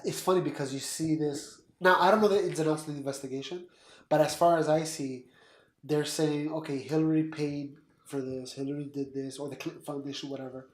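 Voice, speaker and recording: Man, Puerto Rican roots, opinionated podcast co-host, a touch high, echoey room. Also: steady tone, fairly quick. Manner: blunt, opinionated, talks in quoted asides. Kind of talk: casual political chat.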